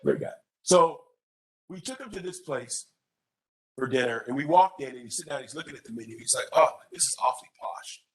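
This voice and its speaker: A man who is a candidate at a public college forum, answering an audience question with an animated story, often repeating words as he restarts. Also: mid-range voice, a little fast, poor audio.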